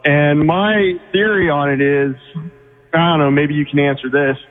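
A man's voice: fairly high pitch, steady tone, moderate pace. A man from Oregon calling in to a radio show, speaking in an earnest, rambling way. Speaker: caller. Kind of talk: call-in radio conversation. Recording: phone line with reverb.

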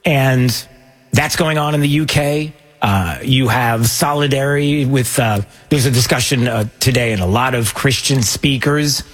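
Husky-voiced rambling talk show host. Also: male voice, mid-range voice, unhurried, soft background music. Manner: rambling, self-mocking, lots of fillers. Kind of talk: casual news commentary.

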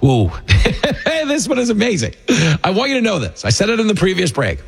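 The middle-aged talk radio host and comedian talks fairly quickly in a high, husky voice with vocal fry, his pitch swooping wildly. He fills his mocking political commentary with jokes and imitated voices.

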